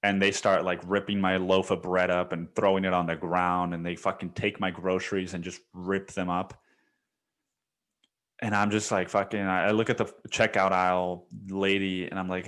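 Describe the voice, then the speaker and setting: A man's voice: sits low, flat delivery, moderate pace, fairly bright tone. A man hosting a solo podcast, recounting a dream in a casual, profane storytelling manner. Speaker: podcast host.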